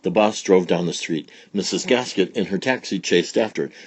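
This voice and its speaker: A man reading a children's story aloud in a playful, expressive way. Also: low-pitched, moderate pace, no room sound.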